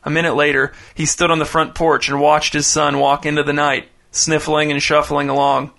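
A man reading a short story aloud in a measured, deadpan way. His voice is bright and slightly high, and his intonation stays flat and even. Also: vocal fry. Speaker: narrator. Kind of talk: scripted short story narration.

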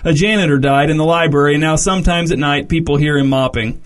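A man's voice: on the high side, quick pace, close to an everyday voice. A man reading a smug young metalhead. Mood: demanding.

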